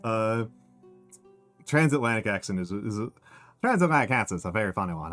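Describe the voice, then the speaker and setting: A man with a fairly low voice chats casually on a livestream, sounding tired and restarting his sentences as he goes. Faint music plays quietly behind him. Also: fast, long pauses. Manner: relaxed, rambling, restarts and trails off. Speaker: streamer. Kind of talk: casual chat while practicing a skill on stream.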